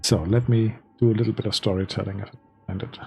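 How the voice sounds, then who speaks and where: A man running a tabletop game as game master, narrating the scene slowly with pauses and restarts. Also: fairly low pitch, steady tone, vocal fry, dark tone. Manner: slow, hesitant storytelling with restarts.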